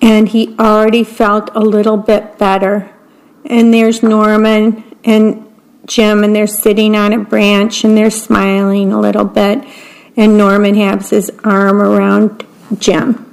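A woman reading a picture book aloud, describing each picture in a gentle, deliberate way. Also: medium pitch, rough recording. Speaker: storybook reader.

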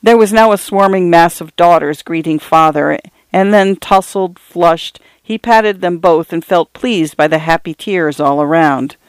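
A man reading a literary novel aloud as narrator, in a measured and expressive way. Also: on the high side, clear, resonant tone, no room sound. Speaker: audiobook narrator.

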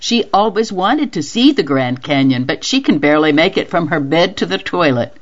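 A woman's voice: lowish voice, lively intonation, normal speed. A woman voicing an earnest, talkative middle-aged woman who is upset and grieving, heard on a dull lo-fi radio reading. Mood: troubled. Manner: earnest, talkative, rising indignation.

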